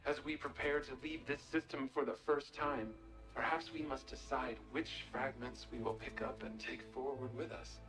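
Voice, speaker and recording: A man voicing a grandiose, self-important ship founder in a game cutscene, speaking in a solemn, measured way. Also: medium pitch, fairly even intonation, natural voice. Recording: echoey with loud music behind.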